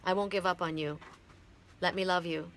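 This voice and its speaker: A middle-aged woman from Canada giving a heartfelt, halting oracle card reading on a live stream. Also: on the low side, fairly even intonation, fairly bright tone, slight background noise.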